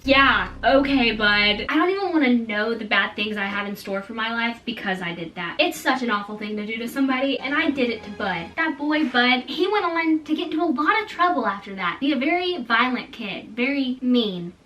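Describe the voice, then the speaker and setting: A woman in her twenties telling funny childhood stories to her vlog audience in a casual, animated, self-mocking way. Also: a little high, brisk, hardly any pauses, far from the mic, dull audio. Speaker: storytime vlogger. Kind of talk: casual storytelling.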